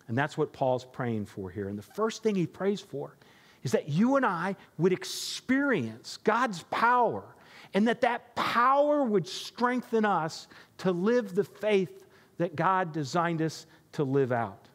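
A pastor giving a sermon in an emphatic, conversational preaching manner. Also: male voice, sits high, sing-song, slow pace, a bit bright, big-room sound.

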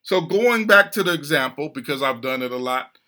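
A man's voice: a little high, lively intonation, a little fast, bright, forceful tone. A man hosting a podcast, talking earnestly and with animation about conflict in marriage. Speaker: podcast host. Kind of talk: casual chat about marriage.

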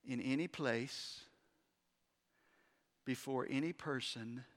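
A man preaching a sermon emphatically, moving between hushed and loud delivery. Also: medium pitch, takes it slowly. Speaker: pastor. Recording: long hall reverb.

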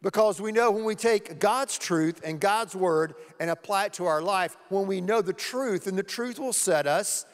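A man's voice: sits high, moderate pace, hardly any pauses. A man preaching a sermon to his church as pastor, earnestly repeating key words for emphasis. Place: church sanctuary. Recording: long hall reverb.

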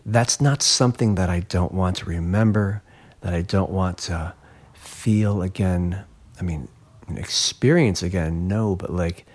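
A man's voice: low-pitched, darkish tone, husky. A man, a glassblower and interview guest, telling a personal story in an earnest, reflective way that livens up when he retells events.

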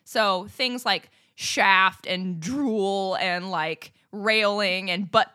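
A woman co-hosting a podcast in casual chat, telling stories in an animated way, swearing freely and laughing often. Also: medium pitch, very slow, clear, resonant tone. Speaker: podcast co-host.

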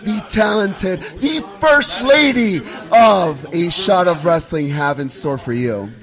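A man conducting a backstage wrestling interview in a showy announcer manner, heaping on flattery. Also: high-pitched, takes it slowly, faint music behind. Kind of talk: hype interview.

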